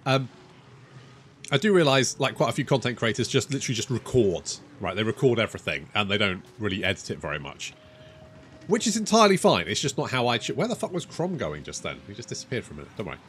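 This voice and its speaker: A man's voice: medium pitch, big pitch swings, fast talker, a bit bright, a little hiss or hum. A man giving casual, rambling let's-play commentary over a strategy game, swearing freely and poking fun at himself. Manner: rambling, sweary, self-mocking. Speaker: gaming YouTuber.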